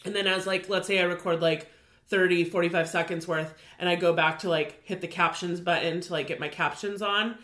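A woman's voice: lowish voice, fairly even intonation, a little fast, fairly bright tone. A young woman with a Californian accent, chatting casually as a podcast co-host and saying "like" often. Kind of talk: casual chat.

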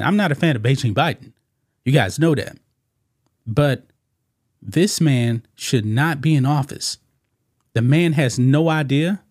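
A man's voice: fairly high pitch, a little mellow, dry recording, studio quality. A man hosting a reaction commentary channel. He talks emphatically, repeats himself, and keeps saying "man". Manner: repetitive, emphatic, calls listeners "man".

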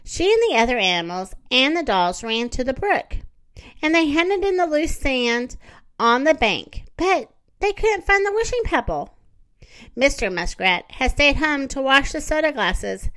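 A woman reading a children's story aloud, gentle and expressive. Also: high voice, unhurried.

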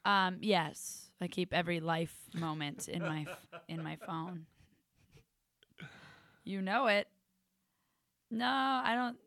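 A woman co-hosting a comedy podcast in casual chat, teasing and cracking deadpan jokes. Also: fairly low pitch, takes it slowly, long pauses. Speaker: podcast co-host.

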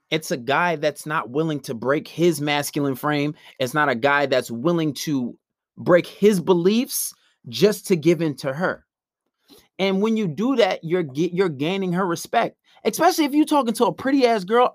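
A young man holds forth in a blunt, brash monologue and acts out the other side of each story. His voice sits high for a man. The sound is dry and close. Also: no echo. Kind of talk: casual opinionated monologue.

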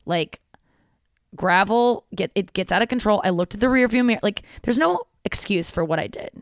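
A woman hosting a podcast, telling a casual comedic story in a lively, rambling way. Her voice is smooth and even, neither high nor low. The recording is dry and close, with no room sound. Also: moderate pace, no room sound. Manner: rambling, lively, heavy use of "like" fillers. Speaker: podcast host.

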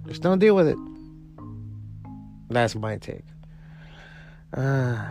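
Gravelly-voiced man rambling on a podcast. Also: on the low side. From part Cuban family. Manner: rambling, profane, with many restarts. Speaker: podcast host. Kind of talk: casual solo podcast monologue.

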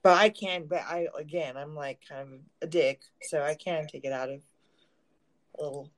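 A woman with a slightly low voice co-hosts a casual podcast. She talks bluntly and swears freely, often poking fun at herself. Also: fairly even intonation, normal speed. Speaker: podcast co-host. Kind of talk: casual chat.

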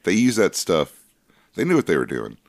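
A man's voice: low-pitched, wildly swooping pitch, normal speed, no room sound, clean studio sound. A man co-hosting a casual podcast, making laid-back, wry comments with frequent fillers and hedges. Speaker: podcast co-host. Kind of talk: casual film discussion podcast.

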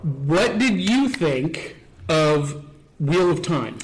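A man with a notably high voice hosts on a convention stage before a live audience. He is easygoing, nods along with short affirmations, and stumbles over repeated words as he gets going. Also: lively intonation, very slow, rough recording. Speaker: host. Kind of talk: casual live panel chat.

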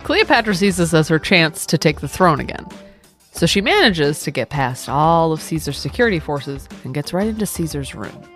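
A woman's voice: deep voice, big pitch swings, moderate pace, a bit bright, soft background music. A young adult woman hosting a comedy history podcast, telling the story with irreverent jokes and swearing. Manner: irreverent, jokey, swearing asides. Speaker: podcast host.

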